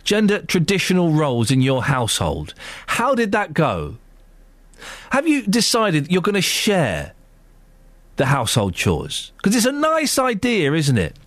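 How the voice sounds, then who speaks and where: A man's voice: a little high, fairly bright tone, no room sound. A man hosting a phone-in radio show, playful and teasing as he chats with a caller.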